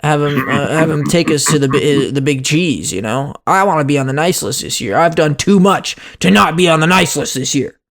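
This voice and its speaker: Man, slightly high voice, tabletop player, jokey, laughs a lot. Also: brisk, hardly any pauses, a bit bright. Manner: joking, laughs often, puts on voices for his monkey character. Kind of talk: tabletop role-play banter.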